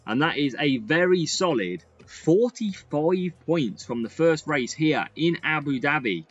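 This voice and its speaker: A man giving lively, excitable commentary over a racing game he is playing. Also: fairly high pitch, a little slow, dull audio. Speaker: gaming YouTuber. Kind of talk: gameplay commentary.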